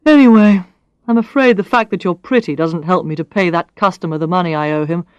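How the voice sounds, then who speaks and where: A woman's voice: on the low side, fairly quick, darkish tone, clear, resonant tone, no echo, lo-fi sound, close to an everyday voice. A woman reading the lines of a charming, blunt male gallery owner aloud from a story, in a teasing, matter-of-fact way.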